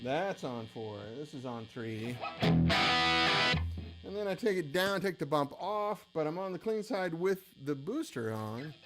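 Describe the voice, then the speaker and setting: Chatty, tired man, slightly high voice. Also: very animated, takes it slowly, loud music behind the voice. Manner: chatty, rambling, self-deprecating. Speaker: host of a gear shop livestream. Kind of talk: casual livestream chat.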